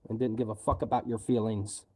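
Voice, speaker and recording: A man's voice: lowish voice, flat delivery, brisk, darkish tone, husky. Angry, profane man ranting on a livestream. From United States. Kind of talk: livestream rant.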